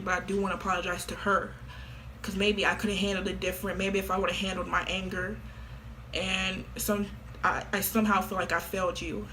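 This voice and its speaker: Woman vlogger, casual and offhand, slangy and repetitive, with a bright edge. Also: mid-range voice, slight background noise. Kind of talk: casual confession to camera.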